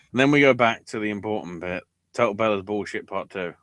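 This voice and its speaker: A man's voice: lowish voice, fairly bright tone, no echo. A man co-hosting a podcast, recapping wrestling shows with sarcasm and plenty of swearing. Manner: sarcastic, profane, mocking recaps. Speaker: podcast co-host. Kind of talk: casual podcast banter.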